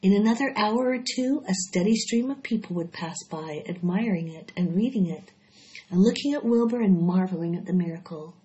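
A woman's voice: mid-range voice, fairly quick. Woman reading a storybook aloud. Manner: steady, expressive storytelling. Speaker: audiobook reader. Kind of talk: storybook read-aloud narration. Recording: dull lo-fi recording.

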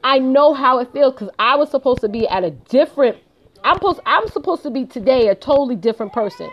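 Fast and animated, a high-voiced woman runs a motivational live stream as a home business consultant, hammering her points home through repetition and direct address to viewers. The sound is lo-fi.

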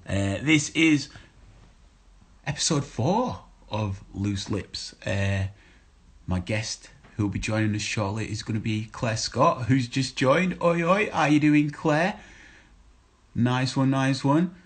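A man's voice: lowish voice, animated, slow, slightly rough. A man hosting a casual chat show over a video call, chatty and full of matey banter.

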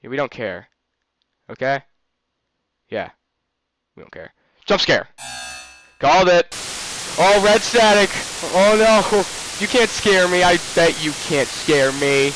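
A man giving crude, jokey commentary on a horror game, reacting loudly to the scares. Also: high voice, sing-song, takes it slowly, long pauses, a little hiss or hum, low-quality recording. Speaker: gameplay commentator. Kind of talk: let's play commentary. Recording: game music playing under the voice. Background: game music.

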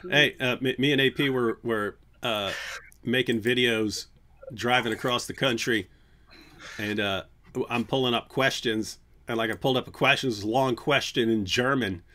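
A man's voice: medium pitch, moderate pace, bright, forceful tone. Chatty male live stream host. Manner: talkative, joking, many restarts. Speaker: apologetics channel host. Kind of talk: casual live stream chat.

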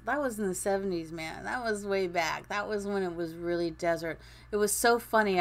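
A woman's voice: medium pitch, a bit bright. Woman, fifties, from Arizona, chatty, rambling, laughs often, casual game stream. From Phoenix, Arizona. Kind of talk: casual chat while gaming.

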